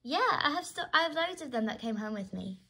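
Woman voicing all the parts in a casual doll role-play, high and bright, chatty. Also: very animated, brisk. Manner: chatty, switches between character voices.

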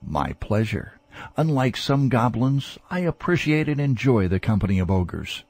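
A man's voice: medium pitch, big pitch swings, a little slow, a little mellow, dry recording. A man voicing a boastful, cheating male goblin gambler with a smarmy, gloating manner, in a storybook reading.

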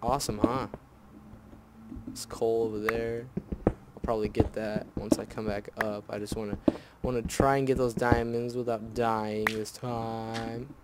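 A man's voice: fairly low pitch, level tone, a little slow, very noisy. A man giving casual gameplay commentary, grumbling and swearing whenever things go wrong. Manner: grumbling, easily annoyed, swears. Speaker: let's play host.

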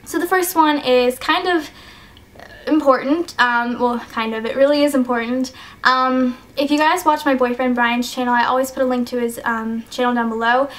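High-voiced teenage girl, rambling vlog. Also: steady tone, moderate pace. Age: teens. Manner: rambling, hesitant, many ums and likes. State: choked up, sniffly. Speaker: YouTuber. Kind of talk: casual vlog talk.

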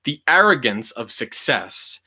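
Forceful man reading history aloud. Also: medium pitch, big pitch swings, a little slow, slightly rough. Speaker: reader of a history book. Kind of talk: reading a nonfiction book aloud.

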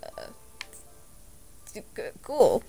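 A woman's voice: drawn-out words, mellow, soft background music. A woman playing a flustered, nerdy young woman who stammers and giggles in a casual roleplay. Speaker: roleplay player.

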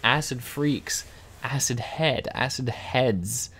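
A man casually reading dictionary words aloud, slowly sounding out hard ones, stumbling, correcting himself and adding dry amused asides. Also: medium pitch, fairly bright tone, husky.

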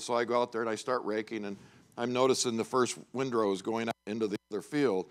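Conversational middle-aged chapel preacher. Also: male voice, mid-range voice, fast. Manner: conversational storytelling with frequent "you know" and "okay?". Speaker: chapel speaker. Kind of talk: sermon.

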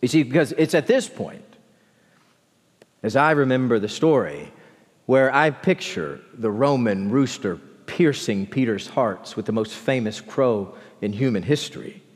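A man preaching a sermon as pastor, expressive, dropping low and slow for emphasis. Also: breathy edge. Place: large church sanctuary. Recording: long church hall reverb.

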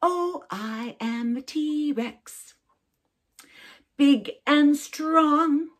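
A woman singing as a playful, hungry T-Rex in a slow, teasing sing-song for children. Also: high-pitched, pitched above the performer's own voice.

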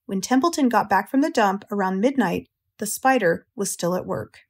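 An American woman narrates an audiobook with a mid-range, husky voice. Her storytelling is calm, measured and gentle.

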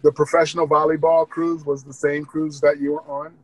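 A male comedian guest telling funny stories on a podcast, lively and acting out the people in them. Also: on the high side, a little fast, slight background noise, rough recording. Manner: lively, laughing, acts out voices. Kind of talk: animated storytelling.

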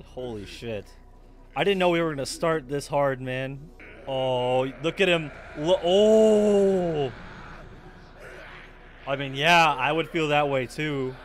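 A man casually reacting to an anime episode, excitable, swearing and laughing often as he talks. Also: medium pitch, slight background noise.

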